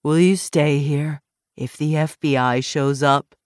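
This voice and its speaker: A woman's voice: low-pitched, steady tone, a little slow, a little mellow, no echo, studio quality. Woman voicing a rambling drunk man. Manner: slurred, loose, rambling.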